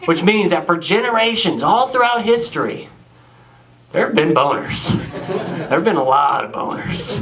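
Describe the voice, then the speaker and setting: A man's voice: sits high, lively intonation, moderate pace, a bit bright, low-quality recording. A young man from Tennessee doing a laid-back, sarcastic stand-up set on a club stage. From Tennessee, USA. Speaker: stand-up comedian.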